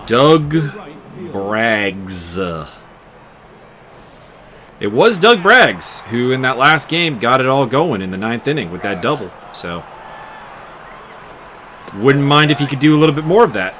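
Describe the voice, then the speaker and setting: A man giving casual play-by-play commentary on a baseball game he is playing, chatty and quick to laugh. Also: medium pitch, sing-song, bright, forceful tone, a little hiss or hum. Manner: chatty, laughs often, muses over player names. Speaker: game streamer commentating his baseball season.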